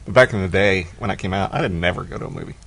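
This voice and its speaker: A man's voice: low-pitched, very fast, vocal fry, a bit bright. A man co-hosting a podcast, giving firm opinions in casual talk about a movie. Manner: opinionated, emphatic agreement. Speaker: podcast co-host. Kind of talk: casual movie review chat.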